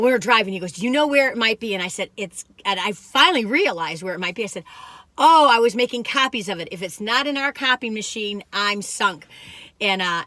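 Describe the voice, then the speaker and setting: A woman's voice: medium pitch, pushed and bright, no echo. An older woman, chatting and rambling as she tells stories in a food review vlog. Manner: chatty and rambling, acts out quoted voices. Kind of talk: casual storytelling chat to camera.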